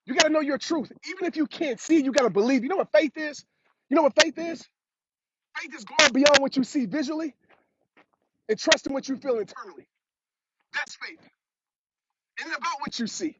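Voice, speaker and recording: Speaking fairly quickly but with long pauses, a very high-voiced man gives a preachy motivational talk outside on a road, using repetition to drive each point. The sound is dull and lo-fi, and a clear hiss runs steadily beneath it.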